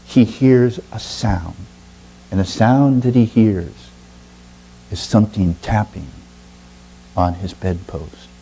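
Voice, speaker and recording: Man, oral storytelling, slow with long pauses, dark mellow tone. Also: on the low side, vocal fry, slightly rough, rough recording. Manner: slow, drawn-out, dramatic pauses.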